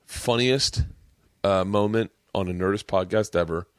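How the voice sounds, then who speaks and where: A man's voice: sits low, unhurried, clean tone, no room sound. A man in his thirties hosting a casual podcast, rambling and swearing as he tells stories. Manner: rambling, swearing, lively storytelling. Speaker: podcast host. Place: home man cave.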